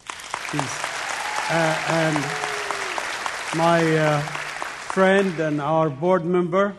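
Middle Eastern guest preacher in a reverberant church. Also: male voice, a little high, flat delivery, very slow, over a noisy crowd, heavy background noise. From Middle East. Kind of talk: sermon with anecdotes. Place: church sanctuary. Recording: long church hall reverb.

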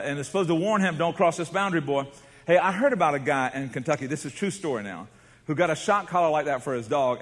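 A man preaches from the pulpit, his voice sitting a little high for a man. He tells stories with drama, dropping to a hush and then rising to a shout, while a long reverb trails off in a large church hall. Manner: dramatic storytelling, swings from hushed to shouting. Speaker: pastor. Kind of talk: sermon.

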